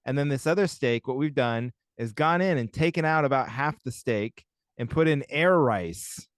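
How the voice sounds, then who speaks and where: A young man trades jokes and playful arguments in a casual podcast chat. His voice is smooth and resonant despite a slight husky edge, recorded close and dry. His pitch sits at an ordinary middle level. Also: lively intonation, normal speed, no room sound. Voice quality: husky, like a smoker's voice right now. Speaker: podcast co-host.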